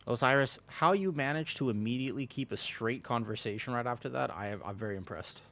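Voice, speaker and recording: A man's voice: mid-range voice, fast talker, a bit bright. A man streaming a game, chatting casually in a rambling, self-mocking way, with many restarts and laughs. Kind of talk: casual live-stream chat while gaming.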